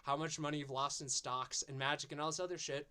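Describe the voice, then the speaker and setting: A man's voice: on the high side, fairly even intonation, fast, sharp tone, clean tone. A man hosting a stream, ranting in a profane, mocking and exasperated way. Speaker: streamer and show host.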